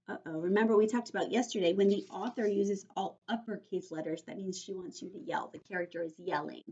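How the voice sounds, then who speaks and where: Woman teacher, patient, explains slowly, mid pitch, dull lo-fi sound. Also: steady tone, darkish tone. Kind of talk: read-aloud vocabulary lesson for young children.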